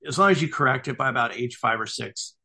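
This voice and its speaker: Earnest bright-voiced man telling stories. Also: medium pitch, expressive, husky. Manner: earnest, halting storyteller with many restarts. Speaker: author guest. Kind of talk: conversational storytelling interview.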